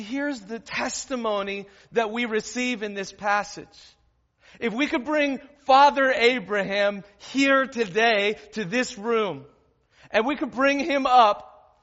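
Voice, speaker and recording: A man preaching a sermon as pastor, emphatic, with dramatic pauses and swings from loud to hushed. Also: very high voice. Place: church hall with stage. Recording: dull recording in a reverberant hall.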